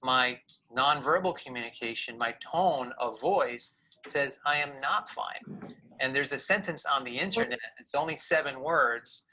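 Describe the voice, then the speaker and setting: A man presenting a scripted video lesson as a communication coach, explaining clearly and acting out examples. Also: medium pitch, unhurried, bright, forceful tone, poor audio. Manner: clear explanatory delivery with vocal demonstrations.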